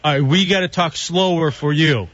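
A man's voice: a little high, moderate pace, fairly bright tone. A man hosting a radio show, joking and giggly in loose banter. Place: radio studio. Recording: muffled lo-fi radio recording.

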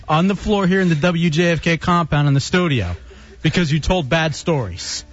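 A man's voice: fairly high pitch, expressive, moderate pace. A male radio host bantering, playful and mock-stern as he teases a colleague. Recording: dull radio broadcast with faint music.

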